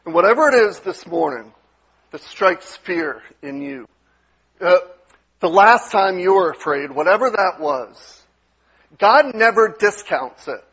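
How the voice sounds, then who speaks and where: A male pastor delivering a conversational sermon, dropping to a soft, gentle tone when he voices reassuring words. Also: high voice, lively intonation, unhurried, breathy edge, muffled recording. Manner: conversational preaching with soft quoted asides.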